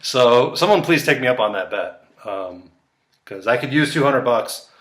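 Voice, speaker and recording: A young man talks through a casual solo commentary, rambling and laughing at his own jokes. He sounds tired, as if it's late at night. His voice is bright and carries a lot of room echo. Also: mid-range voice, expressive, normal speed. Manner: rambling, joking, laughs often. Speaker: chess commentator.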